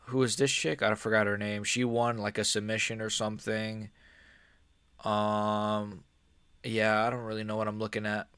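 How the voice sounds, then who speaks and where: A man giving casual live-stream commentary as an MMA YouTuber, rambling and excitable, often restarting his sentences. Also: on the low side, normal speed, clean tone, no room sound.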